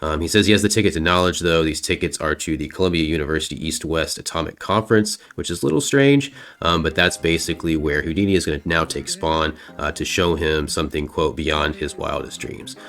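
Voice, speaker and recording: A man's voice: very deep voice, a little fast, few pauses, a bit bright. A man recapping a comic book issue in a casual, rambling way, with lots of fillers and casual swearing.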